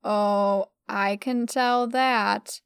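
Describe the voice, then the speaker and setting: A woman voicing a smug, creepy adult man who speaks slowly and quietly. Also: medium pitch, fairly even intonation, vocal fry, clear, resonant tone, no echo, studio quality.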